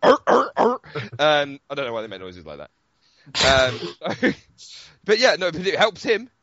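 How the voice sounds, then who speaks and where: A man's voice: fairly high pitch, unhurried, highs cut off, crowd noise. A man chatting casually about video games on a podcast, telling stories with lots of swearing and laughter. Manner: animated storytelling with swearing and laughter. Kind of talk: casual gaming chat.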